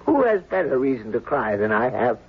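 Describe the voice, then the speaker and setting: An actor playing a kindly, weary angel in a 1970s radio drama, gently ironic and theatrical. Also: male voice, mid-range voice, big pitch swings, brisk, husky, exaggerated voice. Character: kindly weary male angel, middle-aged. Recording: muffled lo-fi radio recording.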